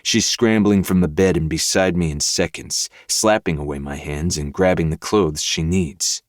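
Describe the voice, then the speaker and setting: A man, the podcast host, narrating a dark novel in first person with steady, measured delivery. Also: low-pitched, dry recording, clean studio sound.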